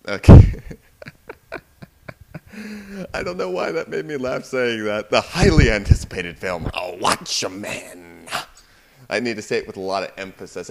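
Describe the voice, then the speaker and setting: A man's voice: lowish voice, a little hiss or hum. A young man giving a casual, rambling movie review on his video blog. He talks from a home computer and keeps getting sidetracked. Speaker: video blogger. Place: home room at parents' computer.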